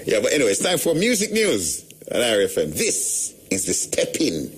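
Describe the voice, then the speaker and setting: A man's voice: mid-range voice, wildly swooping pitch, normal speed, a little hiss or hum. A middle-aged Jamaican man hosting a radio show, chatting in a loose storytelling way with plenty of patois. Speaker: radio host. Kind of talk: casual radio talk.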